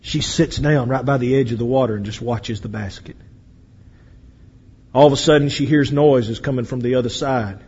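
A man preaching a sermon, acting out voices and swinging between loud and quiet. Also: medium pitch, moderate pace, husky, highs cut off. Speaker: pastor. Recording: echoey hall with long reverb.

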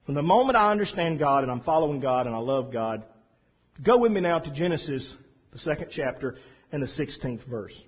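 A man preaching a sermon in a folksy, storytelling way, swinging from soft asides to loud emphasis. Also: on the high side, lively intonation, a little fast, slightly rough. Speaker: pastor. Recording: dull lo-fi sound.

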